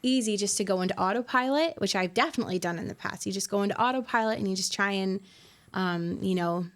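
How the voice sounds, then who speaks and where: A woman in her twenties, a worship pastor being interviewed on a podcast, talking in a reflective, soft-spoken way with many fillers. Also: mid-range voice, fast talker. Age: 20s.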